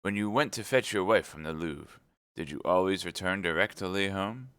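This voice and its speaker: A man voicing a shrewd, commanding older cardinal who questions in a measured way. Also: low-pitched, a bit bright, clean tone, no room sound. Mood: probing.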